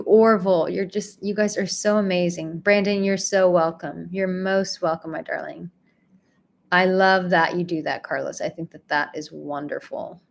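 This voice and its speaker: A woman hosting a live stream, reading out viewers' comments and thanking them in a gentle, effusive way. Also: fairly low pitch, vocal fry. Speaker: livestream host and relationship coach.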